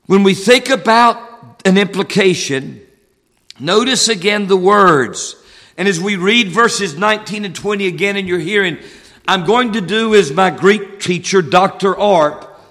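A man preaching a sermon as pastor, measured, slowing down to stress key words. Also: sits high, fairly bright tone. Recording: long hall reverb.

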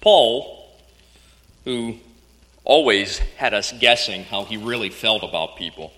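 A man's voice: on the low side, expressive, slow, pushed and bright. A man preaching a sermon in an earnest, emphatic way, often asking the congregation questions. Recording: long hall reverb.

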